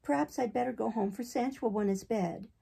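A woman's voice: fairly high pitch, fairly quick, creaky, mellow, breathy edge, heavily acted. A woman voicing a remorseful little girl who hides in shame, speaking in a small, muffled, mournful way. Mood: ashamed, sulky.

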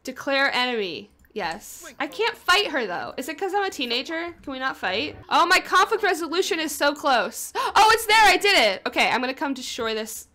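A young woman chats through her gameplay in a playful, excitable way, chanting the same commands again and again. Her voice sits high and swoops widely. It has a bright, crisp edge. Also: normal speed, few pauses. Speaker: gaming video host. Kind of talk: casual gameplay commentary.

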